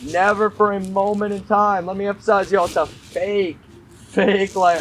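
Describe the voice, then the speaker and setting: Brief: emphatic conspiratorial ranter, man, high voice, unhurried, background noise. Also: steady tone. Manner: emphatic, repetitive, addresses viewers as y'all; conspiratorial ranting. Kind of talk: casual commentary. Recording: noisy background.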